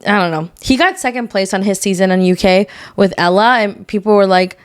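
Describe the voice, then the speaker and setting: A young woman co-hosting a podcast, chatting casually and gossiping in an animated way, swearing freely and mimicking the people she talks about. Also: mid-range voice, a little fast. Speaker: podcast co-host. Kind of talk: casual chat.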